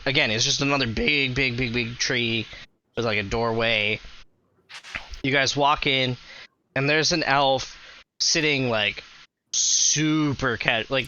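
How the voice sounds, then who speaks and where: A man's voice: mid-range voice, sharp tone, lo-fi sound, a little hiss or hum. A man narrating a tabletop game as game master, rambling with lots of fillers.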